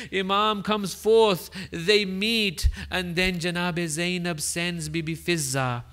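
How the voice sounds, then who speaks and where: A man, a sheikh, giving an emotional mourning sermon in short declarative sentences that swell into loud grieving cries. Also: high voice, fairly even intonation, slow pace, hardly any pauses. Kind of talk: emotional Muharram majlis narration.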